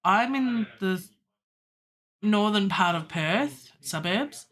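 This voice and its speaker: Middle-aged woman, a musician streaming live from her home studio; bright, sharp tone; chatty, digresses, laughs at herself. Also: mid-range voice, expressive, slow pace. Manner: chatty, digressive, self-mocking, laughs often. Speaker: musician livestreaming her songwriting. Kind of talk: casual live-stream chat. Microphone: studio microphone.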